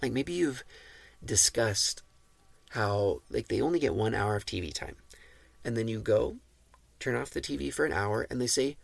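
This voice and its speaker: A man hosting a podcast who reads and explains parenting advice in a calm, instructive, measured way. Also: medium pitch, vocal fry, no room sound. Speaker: podcast host.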